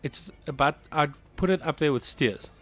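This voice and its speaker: A man's voice: on the high side, moderate pace, a bit bright, faint music behind. Dry, wry hungover radio co-host man. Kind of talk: casual banter.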